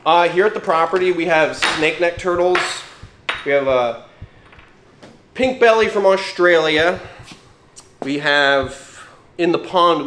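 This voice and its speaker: A man's voice: on the high side, a bit bright. A young man hosting a casual livestream as a reptile keeper, talking enthusiastically about his animals. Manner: enthusiastic, chatty. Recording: echoey room.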